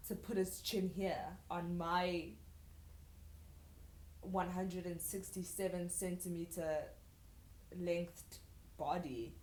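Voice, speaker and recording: Young woman, deadpan-sarcastic reader, unhurried delivery, roomy sound. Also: lowish voice, slight background noise. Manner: sarcastic, incredulous asides. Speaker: vlogger reading fan fiction aloud. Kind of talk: mocking dramatic reading.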